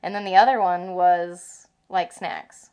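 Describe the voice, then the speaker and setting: A woman vlogging about travel in casual chat, retelling events with animated swearing. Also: on the low side, measured pace, clear, resonant tone, muffled recording.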